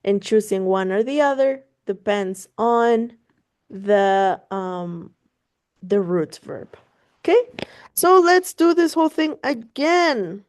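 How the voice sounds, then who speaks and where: A woman's voice: mid-range voice, expressive, takes it slowly. A woman tutoring Spanish on a video call, explaining casually and encouragingly, switching between English and Spanish, laughing easily and swearing offhand. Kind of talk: online one-on-one language lesson.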